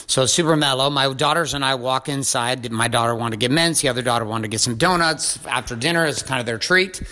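A man hosting a podcast, telling a story in a lively, profane monologue. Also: mid-range voice, quick pace. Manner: profane, animated retelling with acted quotes. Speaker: podcast host.

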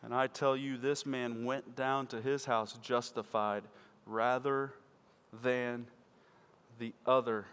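A man preaching a sermon to his church, swinging from loud emphatic peaks to quiet low asides. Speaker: pastor. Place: church sanctuary. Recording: church hall with long reverb.

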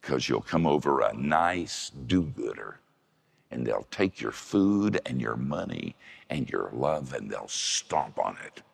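An older man preaching in a gravelly, very deep voice, slow and unhurried, his pitch swinging widely as he leans into a point. The sound carries a long reverb, like a large hall. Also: sing-song. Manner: gravelly, folksy storytelling with shifts into high voices for quoted women. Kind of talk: sermon.

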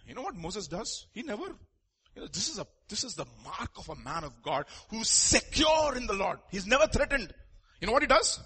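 Male preacher, bright and breathy tone, emphatic sermon style with rhetorical asides. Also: high voice, big pitch swings, brisk. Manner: joking with the congregation.

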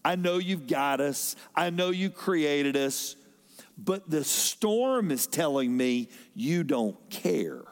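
A man preaches from the pulpit in a high voice. His delivery swings from loud emphasis to sudden soft drops. Long reverb rings through the large church hall around him. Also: expressive, takes it slowly. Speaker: pastor. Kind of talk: sermon.

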